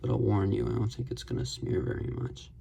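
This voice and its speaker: A man casually reviewing a pen on camera, rambling and excited, full of fillers and gushing exclamations. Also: lowish voice, brisk, gravelly, slight background noise. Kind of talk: casual unscripted product review. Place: at a desk.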